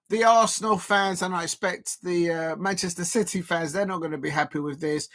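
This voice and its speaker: A man hosting a live football watch-along, commentating in a rambling way with many fillers and restarts, excitable at key moments. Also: sits high, moderate pace.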